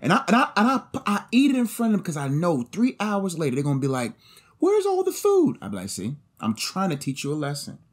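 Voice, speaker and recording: A young man co-hosting a podcast in casual chat, animated and slangy, often acting out other people's voices. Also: fairly high pitch, quick pace, few pauses, slightly rough. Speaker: podcast co-host.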